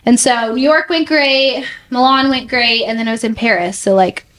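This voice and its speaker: A woman's voice: fairly high pitch, normal speed. Chatty young woman telling a story. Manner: chatty, heavy use of "like", animated retelling. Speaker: guest, fashion model. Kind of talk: casual podcast storytelling.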